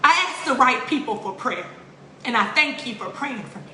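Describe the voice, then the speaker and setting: A woman's voice: fairly high pitch, lively intonation, moderate pace, bright, forceful tone, slight background noise. A woman giving an emotional, tearful spoken appeal, pleading in a repetitive preaching cadence. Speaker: religious vlogger. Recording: roomy echo.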